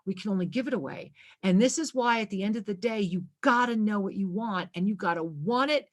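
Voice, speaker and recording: A woman's voice: medium pitch, fairly quick. A woman hosting a spiritual talk radio show, speaking emphatically and repeating key phrases.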